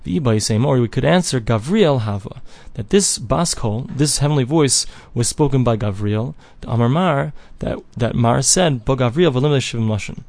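A man's voice: mid-range voice, expressive, moderate pace, vocal fry, few pauses, darkish tone, no room sound. A man giving a Talmud lesson, reading each phrase of the text aloud and then translating and explaining it in plain English. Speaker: Talmud teacher. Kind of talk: daily page Talmud lesson.

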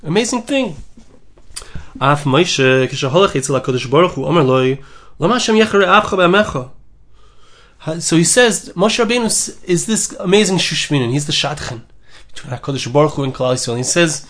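A man leads a Torah class, reading out the original text and then explaining it with rising enthusiasm. His voice sits high for a man and he talks with lively energy. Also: brisk. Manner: reads Hebrew and Aramaic text aloud then translates, lively and emphatic. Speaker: Torah teacher.

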